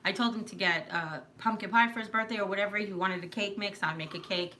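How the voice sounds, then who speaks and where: A woman's voice: medium pitch, quick pace, sharp tone, a little hiss or hum. A woman with a Long Island New York accent, chatting and telling rambling stories as host of a home livestream. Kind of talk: casual chat on a livestream. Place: living room at home.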